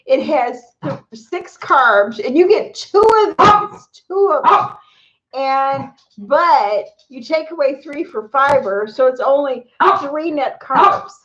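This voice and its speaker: A woman's voice: high-pitched, lively intonation, slow pace, a bit bright. A middle-aged woman chatting casually on a live stream at home, talking to viewers and her pets, recorded on a phone or camera mic. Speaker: vlogger. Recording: echoey room, dull lo-fi sound.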